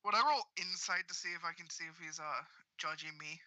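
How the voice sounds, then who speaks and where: A man playing a tabletop game, asking quick rules questions in a joking way. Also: on the high side, steady tone, sharp tone, no echo, rough recording. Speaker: player. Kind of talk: casual tabletop game play.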